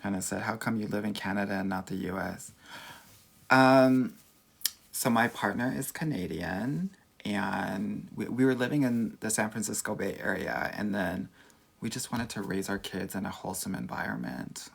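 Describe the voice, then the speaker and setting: A man's voice: lowish voice, moderate pace. A man from Southern California with a Valley accent, a dating coach doing a casual livestream Q&A, sassy and campy, calling everyone "girl.". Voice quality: creaky.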